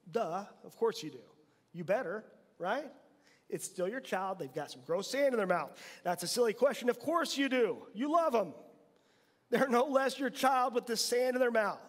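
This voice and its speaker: A man with a notably high voice delivers a lively sermon, coaxing his listeners with question after question. His words ring out with a long tail of reverb from the church hall around him. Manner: animated preaching with rhetorical questions. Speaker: pastor. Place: church sanctuary.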